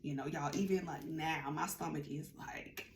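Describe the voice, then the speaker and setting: A woman vlogger telling a casual storytime, chatty and animated, acting out what others said. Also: low voice, normal speed, slight background noise. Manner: chatty, animated, acts out quotes. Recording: roomy room with faint ambience.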